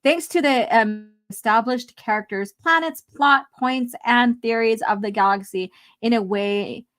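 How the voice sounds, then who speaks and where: A woman's voice: fairly high pitch, measured pace, fairly bright tone. A woman hosting a casual live stream, laughing often as she reads chat messages aloud. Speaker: host.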